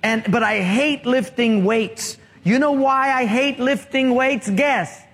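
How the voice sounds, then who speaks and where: A man's voice: very high-pitched, slow pace, hardly any pauses, fairly bright tone. A man preaching a sermon as pastor, telling stories with humor and acting out the voices in them. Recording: reverberant hall.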